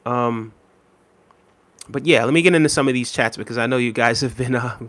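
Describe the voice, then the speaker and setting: A young adult man streaming live, reading viewer chat with an easygoing manner, many ums and friendly shout-outs. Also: medium pitch, fairly quick.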